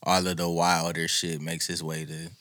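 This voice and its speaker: Man, casual podcast chat, loose and profane, rambling, bright tone. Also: deep voice, completely flat delivery, moderate pace.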